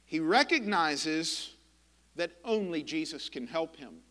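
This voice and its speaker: A man preaching a sermon as pastor, impassioned and emphatic, with dramatic pauses. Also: fairly high pitch, expressive, pushed and bright, big-room sound. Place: church sanctuary.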